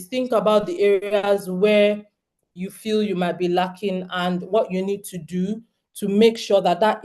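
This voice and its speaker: A Nigerian woman in her thirties gives an earnest, direct talk to homeschooling parents, often turning to the audience with questions. Her voice is medium-pitched and a little mellow.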